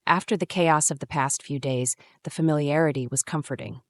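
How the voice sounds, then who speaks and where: A woman in her thirties narrating a first-person drama story in a measured, brooding way. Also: deep voice, no room sound, studio quality. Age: 30s.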